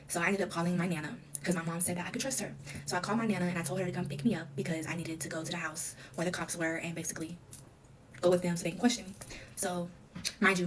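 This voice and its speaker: Fast-talking young woman telling her story. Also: fairly low pitch. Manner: rapid, filler-heavy retelling with quoted dialogue. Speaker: interviewee. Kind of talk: candid personal storytelling.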